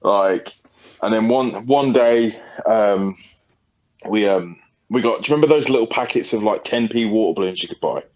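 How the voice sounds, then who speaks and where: A man's voice: fairly low pitch, moderate pace, a little mellow, low-quality recording. A man, a podcast co-host telling a story in a rambling, sweary, casual way. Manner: rambling, sweary, laughing often.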